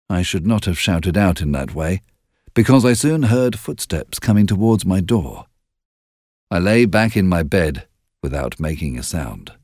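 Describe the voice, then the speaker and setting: A man narrating an audiobook in an expressive, measured storytelling manner. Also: lowish voice, no echo, clean studio sound.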